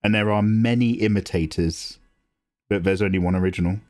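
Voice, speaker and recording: A man in his forties chatting casually on a live drawing stream, animated and self-deprecating, swearing freely. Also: brisk. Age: 40s. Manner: mocks others with squeaky high voices. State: tearing up, emotional. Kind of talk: casual livestream chat. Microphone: desk mic, no camera.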